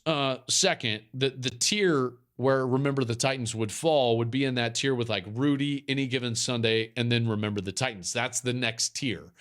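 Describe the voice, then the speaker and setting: A man hosting a football podcast, talking in a casual, emphatic way and repeating his points for effect. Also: mid-range voice. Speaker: podcast host. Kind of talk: casual chat.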